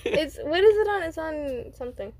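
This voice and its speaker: A woman co-hosting a podcast in casual chat, giggly and playful, quick to protest and laugh. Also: sits high, lively intonation, a little mellow, no room sound. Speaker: podcast co-host.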